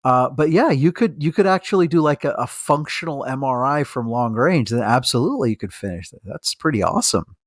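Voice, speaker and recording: Male physician co-host, mid-pitch, eager and halting, dry close-miked sound. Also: animated, no room sound. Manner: enthusiastic, halting with many restarts and laughs. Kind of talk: casual podcast chat.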